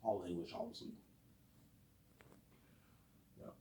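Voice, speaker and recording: A vlogger living in Quebec, Canada, races through a casual, rambling monologue in a warm voice, repeating himself and tagging lines with "obviously". The room is echoey, with slight background noise.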